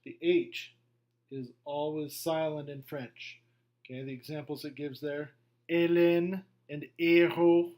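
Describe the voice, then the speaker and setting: A middle-aged man teaching a beginner language lesson, going slowly through a worksheet, patient and repetitive with frequent okays. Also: mid-range voice, darkish tone. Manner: slow, patient, repeats himself with many okays. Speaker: French teacher. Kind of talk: classroom lesson walkthrough.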